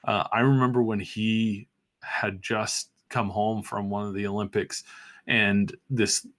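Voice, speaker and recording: A man hosting a podcast, talking in a rambling, animated way with frequent restarts and fillers. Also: on the low side, a little slow. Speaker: podcast host. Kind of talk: casual podcast commentary.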